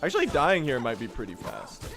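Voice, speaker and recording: A man's voice: medium pitch, huge pitch swings, brisk, gravelly, over music. A young man doing live, joking gameplay commentary as a speedrun streamer. He chats to his viewers and swears casually.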